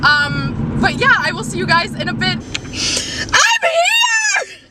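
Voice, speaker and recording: A young woman excitedly vlogging while driving, gushing and bubbly, filling her talk with ums and likes. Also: extremely high pitch, normal speed. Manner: gushing, bubbly, many fillers. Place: inside a moving car. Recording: loud road noise in a car. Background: road and engine noise.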